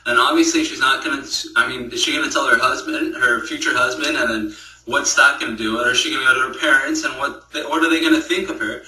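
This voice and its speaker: A man giving a moral story as a religious speaker, halting and repeating words and checking in with "right?". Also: medium pitch, sharp tone. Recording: echoey room, speaker far from the mic.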